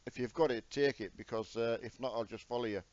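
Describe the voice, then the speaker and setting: A man's voice: medium pitch, fast talker. A middle-aged man, chatting casually and self-mockingly to viewers by name while live-streaming a game. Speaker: gaming streamer. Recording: dull lo-fi with loud truck game noise.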